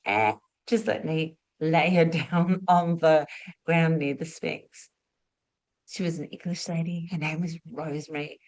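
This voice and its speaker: A middle-aged woman, a spiritual teacher and former nurse, telling stories as a lesson and asking rhetorical questions, moving between lively and hushed delivery. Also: deep voice, measured pace. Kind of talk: storytelling teaching talk.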